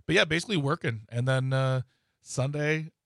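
An easygoing man rambling through casual chat and plugging events. His voice is of middle pitch, and the sound is dry and close-miked. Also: normal speed, creaky, a bit bright, dry recording. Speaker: co-host, comedy club worker.

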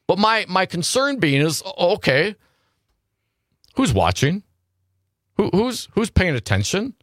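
Animated talk radio host, man. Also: sits high, measured pace, no echo, studio quality. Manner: animated, rhetorical questions, repeats himself. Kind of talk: casual political talk radio.

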